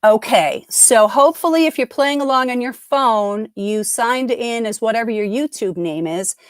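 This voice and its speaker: Woman host, slightly high voice, upbeat and chatty, dry close sound. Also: moderate pace, dry recording. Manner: chatty, upbeat, self-interrupting. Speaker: trivia game host. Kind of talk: casual live-stream chat.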